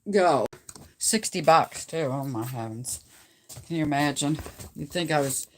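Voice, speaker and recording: Speaking in a fairly low, bright voice with a forceful edge, this middle-aged Canadian livestream host chats casually with her viewers from home on her phone. She rambles and laughs often, and there's slight background noise.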